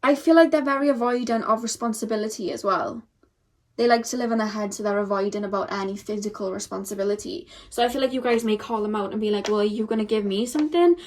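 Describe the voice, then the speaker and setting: A young woman giving a casual tarot card reading straight to camera, chatty and animated, with lots of filler words. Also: medium pitch, fast talker.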